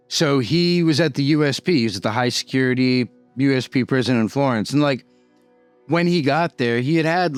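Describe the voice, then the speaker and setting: In a casual, rambling prison story, the Boston-born YouTuber keeps dropping "like" and "you know" into his sentences. His voice is clear, smooth, and ordinary in pitch. The audio is close and dry, without room sound, and faint music runs beneath it.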